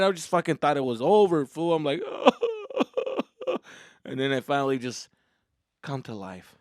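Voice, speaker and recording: A man hosting his own podcast, telling a comedic story in a loose, profane way, jumping from loud bursts to low mutters. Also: very animated, a little slow, no echo, studio quality.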